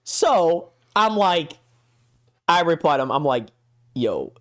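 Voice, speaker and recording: A man's voice: on the high side, lively intonation, slow pace. A man co-hosting a casual podcast, ranting in an exasperated way with heavy swearing and a voice that jumps up when he gets worked up. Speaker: podcast co-host.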